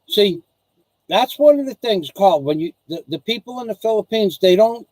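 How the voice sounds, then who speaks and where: A man's voice: sits high, lively intonation, moderate pace, a little mellow, no echo, rough recording. A man from the United States hosting a casual vlog, rambling through a rant, often restarting sentences and acting out little dialogues. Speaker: vlog host.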